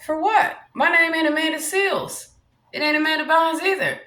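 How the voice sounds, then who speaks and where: Woman, brash, profane, swaggering, high pitch, echoey room. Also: moderate pace, pushed and bright. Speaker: vlogger. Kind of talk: rambling monologue vlog.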